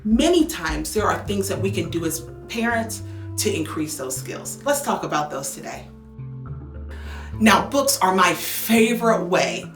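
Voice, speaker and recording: A woman's voice: lowish voice, sing-song, measured pace, reverberant, music in the background. A woman who is a speech language pathologist, giving upbeat, coaching advice to parents and demonstrating with exaggerated tones. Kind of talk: instructional talk to parents.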